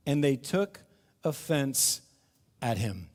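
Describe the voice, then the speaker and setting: A middle-aged man preaches a sermon with animation, slipping into the voices of doubting townspeople. His voice sits a little high for a man. The sound carries the long reverb of a church hall. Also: unhurried. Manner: animated, acts out crowd voices, laughs between points. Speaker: pastor. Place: church sanctuary.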